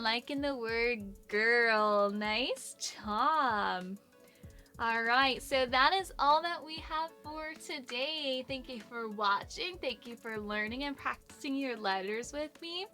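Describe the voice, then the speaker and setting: A woman's voice: on the high side, slow pace, sharp tone, soft background music. A young woman teaching a children's phonics lesson, encouraging and sing-song, praising often.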